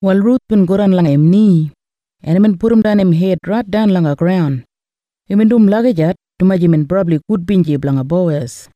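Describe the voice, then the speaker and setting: A man with an Australian Kriol accent narrating a Bible story in measured storytelling. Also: high-pitched, dry recording, dull audio.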